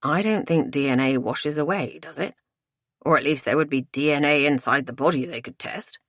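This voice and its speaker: A woman reading as a grumbling middle-aged man with a dry, sardonic edge, pitched low and flat. The close audiobook voice has no room echo. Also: moderate pace.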